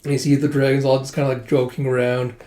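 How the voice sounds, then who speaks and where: A man's voice: medium pitch, level tone, fast talker, mellow. A man casually retelling a manga in a chatty way, full of fillers and laughs. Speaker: manga readthrough host. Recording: roomy echo.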